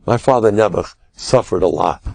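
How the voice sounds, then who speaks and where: An older man, a rabbi giving a humorous Torah lecture, joking and self-deprecating, now and then bursting into loud, emphatic cries. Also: lowish voice, normal speed, creaky.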